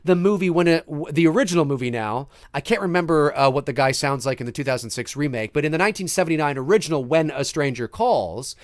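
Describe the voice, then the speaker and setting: A man's voice: fairly high pitch, lively intonation, quick pace, few pauses, dry recording, studio quality. A man hosting a casual podcast chat, rambling with many restarts and fillers. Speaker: podcast host.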